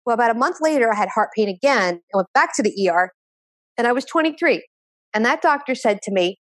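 A woman addiction therapist, guest on an interview podcast, telling her own story in an animated way and repeating phrases for emphasis. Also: fairly high pitch, brisk, dry recording. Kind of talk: conversational interview.

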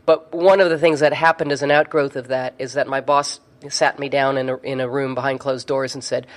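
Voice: medium pitch, flat delivery, brisk. A neurofeedback therapist telling a story in conversation, chatty, with frequent fillers and restarts.

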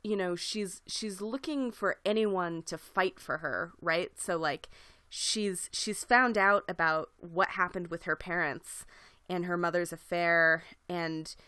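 Low-voiced woman podcast co-host. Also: takes it slowly, bright, forceful tone, no room sound, clean studio sound. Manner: reflective, hedging with fillers. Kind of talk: casual chat.

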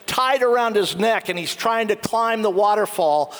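A man's voice: sits high, normal speed, a bit bright. A man preaching a sermon, retelling a film story and acting out its quoted lines. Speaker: pastor. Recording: long hall reverb.

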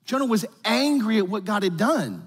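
A man's voice: high voice, very animated, normal speed, breathy edge. A man preaching a conversational, joking sermon to his congregation in a church. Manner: playful, joking, talks straight to the congregation. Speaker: pastor. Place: church sanctuary. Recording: long reverb from a large hall.

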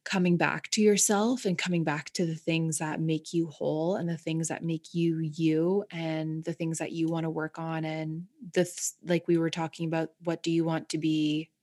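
A woman's voice: deep voice, little pitch movement, moderate pace, few pauses, darkish tone. A woman in casual, candid conversation, reflective and repeating words for emphasis, with occasional swearing. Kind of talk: casual heart-to-heart chat.

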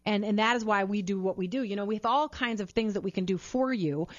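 A woman's voice: mid-range voice, quick pace, no room sound. Earnest woman podcast host, dull sound. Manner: warm-hearted, earnest, repeats words when excited. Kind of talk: upbeat interview and appeal to listeners.

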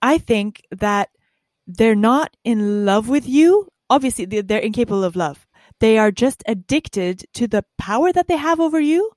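A woman hosting a podcast conversation, speaking in a halting, emphatic way with many restarts. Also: on the high side, lively intonation, a little mellow, no echo, studio quality. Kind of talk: candid conversation.

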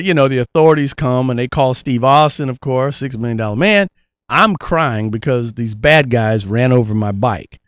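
A man's voice: mid-range voice, dry recording, muffled recording. A middle-aged man, a guest and former child actor, telling stories in a casual interview and acting out the voices in his quotes. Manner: animated storyteller, acts out voices in quotes.

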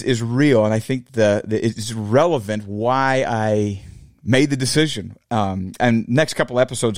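A man's voice: mid-range voice, no echo, clean studio sound. A man in his forties hosting his own podcast, talking reflectively in a casual solo monologue and addressing listeners as fellow fabricators. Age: 40s. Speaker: podcast host.

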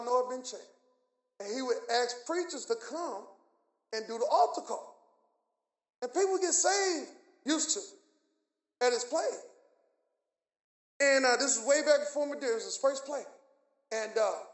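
A man preaching in a strikingly high voice, telling a testimony with animated energy and acting out the voices of the people in his story. The sound carries a strong room echo, as if picked up in a large reverberant space. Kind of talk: sermon testimony. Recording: echoey room.

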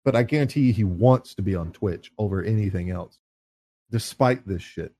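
A man's voice: on the low side, normal speed, warm tone, breathy edge, no echo. A man ranting profanely in casual podcast chat.

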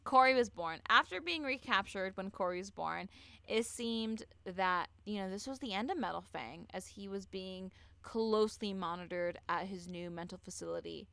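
A woman hosting a podcast, telling a true-crime story in casual chat, animated and swearing freely as she acts out what people said. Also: medium pitch, moderate pace, vocal fry, clear, resonant tone, no room sound. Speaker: podcast host.

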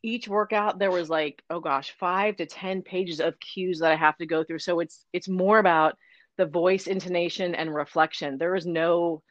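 A woman fitness coach chatting as a guest in an interview, upbeat and fast-talking. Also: on the low side, steady tone, dry recording, dull audio. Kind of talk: casual interview chat.

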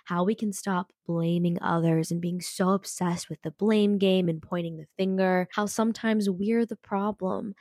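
A woman hosting a casual self-help podcast. She is sick with a cold and talks in an energetic, peppy way close to the mic, with frequent mild slang. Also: fairly low pitch, no room sound. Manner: energetic, peppy, says frickin' a lot. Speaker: podcast host. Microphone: studio podcast mic.

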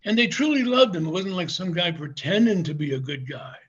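A man's voice: high-pitched, lively intonation, fairly quick, breathy edge, lo-fi sound. An older man, a former wrestler, telling rambling anecdotes in an interview, chuckling often and restarting his sentences. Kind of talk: casual anecdotal storytelling.

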